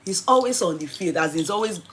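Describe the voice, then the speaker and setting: A woman in her forties with a Nigerian accent, telling a personal story in an animated way and slipping into Nigerian Pidgin. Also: on the low side, brisk, slight background noise.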